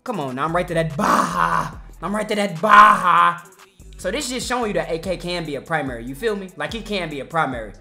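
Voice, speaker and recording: A young man doing casual, slangy commentary over his basketball video game, trash-talking and sometimes shouting or singing. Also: fairly high pitch, animated, brisk, soft background music. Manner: hyped slangy trash talk, sings and shouts over play. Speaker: gaming YouTuber.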